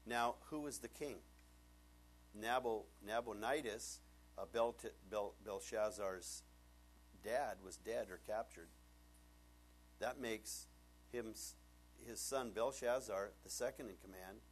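A man's voice: on the low side, slow pace, pauses often, slight background noise. An older man preaching a sermon as pastor, telling stories with humor and acting out the characters. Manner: animated storytelling, acts out characters, humorous.

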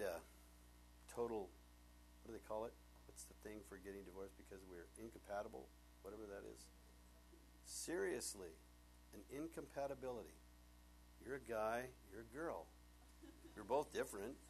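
A man in his thirties preaching a sermon, animated and jokey, acting out voices as he tells stories. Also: medium pitch, a little hiss or hum. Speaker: pastor.

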